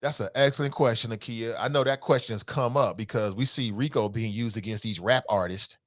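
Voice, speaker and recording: A man hosting a solo political talk show with a Cincinnati accent, passionate and profane, swinging between loud outbursts and muttered asides as he reads listener comments. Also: lowish voice, brisk.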